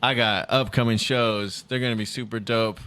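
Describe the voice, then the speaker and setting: Joking podcast co-host. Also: male voice, mid-range voice, fairly even intonation, moderate pace, sharp tone, smooth, no room sound. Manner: joking, teasing. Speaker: co-host, stand-up comedian. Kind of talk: casual podcast banter.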